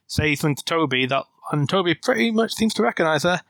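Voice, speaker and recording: A man's voice: on the high side, expressive, fast, creaky, fairly bright tone, dry recording. A man playing a tabletop game, describing his character's actions in the third person. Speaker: player.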